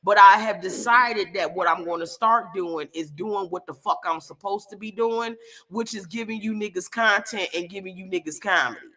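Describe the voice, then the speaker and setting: A woman comedian on a live stream, telling a loud, profane, rambling story. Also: medium pitch, normal speed.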